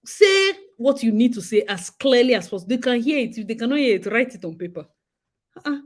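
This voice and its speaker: A young Nigerian woman from Rivers State, speaking with her local accent as she hosts a casual live chat, animated, laughing often and slipping into pidgin. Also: a little high, a little fast. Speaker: host.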